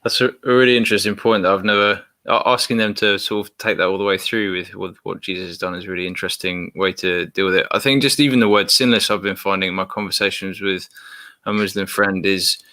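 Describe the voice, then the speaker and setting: A male podcast host with a low voice and a bright, forward tone. He talks in a thoughtful, slightly halting way. The recording is dry and close. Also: steady tone, dry recording. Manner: thoughtful, hesitant. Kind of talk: casual interview chat.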